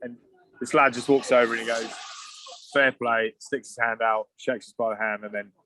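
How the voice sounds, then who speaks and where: Animated man telling stories. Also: medium pitch, fairly quick, slight background noise. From England. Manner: animated, swearing anecdotes with asides and restarts. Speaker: guest, former rugby player. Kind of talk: casual storytelling on a podcast.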